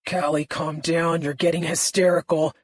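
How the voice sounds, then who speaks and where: Lady reading a manipulative middle-aged guy, brushes her off, low and breathy, dry. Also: level tone, normal speed, no echo. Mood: dismissive. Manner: coaxing, dismissive. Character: manipulative middle-aged man, flip and controlling. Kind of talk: audiobook character voice.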